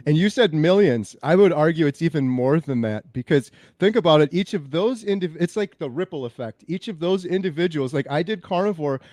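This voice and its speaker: A man's voice: on the high side, animated, a little mellow, no room sound, clean studio sound. A man hosting an interview, talking in an upbeat, enthusiastic way in casual conversation. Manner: enthusiastic, upbeat, quick to praise. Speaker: host.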